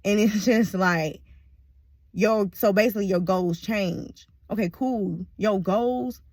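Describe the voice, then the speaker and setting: A woman's voice: mid-range voice, takes it slowly, darkish tone, no room sound. A woman talking to camera in a rambling, casual monologue, swearing freely and laughing often. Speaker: vlogger.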